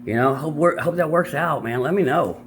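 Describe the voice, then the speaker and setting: A man's voice: a little high, brisk, a little hiss or hum. A man vlogging casually about dating advice, loose and crude with many restarts and asides. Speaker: vlogger summarizing a self-help book. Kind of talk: casual, rambling talk.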